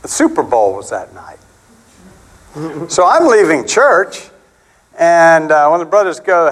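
A middle-aged man preaching with a high, lively voice that leaps up and down in pitch. He talks to the congregation like friends, acting out the people in his stories as he goes. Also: a little slow, long pauses, low-quality recording. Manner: animated, conversational, acts out quotes with big pitch swings. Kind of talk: sermon.

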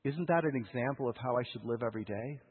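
Husky preacher on tinny radio. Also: male voice, fast. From United States. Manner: emotional, swings between loud urgency and hushed lows. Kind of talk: sermon storytelling. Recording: tinny radio broadcast with long hall reverb.

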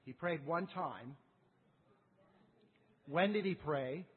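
A man's voice: fairly high pitch, slow pace, slightly rough. A man preaching a sermon, firing off rhetorical questions and acting out the quotes himself. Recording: phone-like sound with long reverb.

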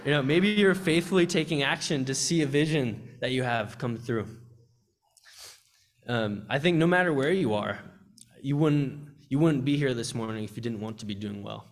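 At a church service, a young man from campus ministry delivers an earnest testimony and sermon in a mid-range voice at normal speed, frequently restarting his sentences.

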